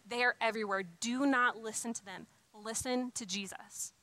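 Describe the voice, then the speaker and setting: Young woman, sermon, earnest and conversational, bright clear tone, slightly high voice, dry close sound. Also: fairly even intonation, moderate pace, hardly any pauses, no echo, rough recording. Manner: earnest, conversational, with frequent "like" and restarts. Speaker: speaker giving a talk on faith and singleness.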